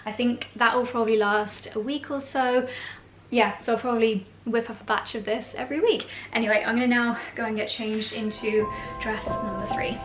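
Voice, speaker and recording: A woman's voice: on the high side, fairly even intonation, normal speed, music in the background. A woman chatting casually to the camera in a vlog, bubbly and easygoing, laughing now and then as she talks. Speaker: lifestyle vlogger.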